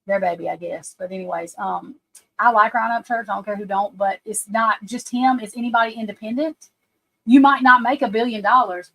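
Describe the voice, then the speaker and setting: Woman psychic just talking on a live stream, rambly and emphatic, voice a bit high. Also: a bit bright, low-quality recording. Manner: rambling, emphatic, addresses listeners directly. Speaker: psychic card reader. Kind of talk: casual livestream talk.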